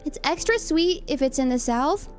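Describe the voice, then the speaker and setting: Reading live comments, a young streamer with a Californian accent talks casually with viewers in a high, light voice, giggly, playful and self-deprecating. She speaks at normal speed with lively intonation, and faint music plays behind her.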